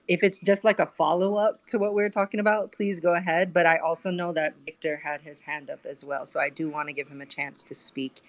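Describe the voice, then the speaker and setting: Slightly low-voiced woman hosting a chat. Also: fairly even intonation, fairly quick, few pauses, poor audio. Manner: warm, effusive, hands out turns to speakers. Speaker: chat room host. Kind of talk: casual live audio chat.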